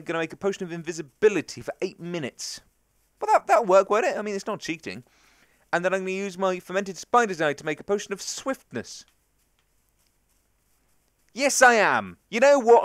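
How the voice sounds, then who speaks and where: Excitable man narrating his gameplay. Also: high-pitched, no room sound, studio quality. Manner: excitable, chatty, thinks aloud and talks to viewers. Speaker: let's play gaming host. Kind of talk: gameplay commentary.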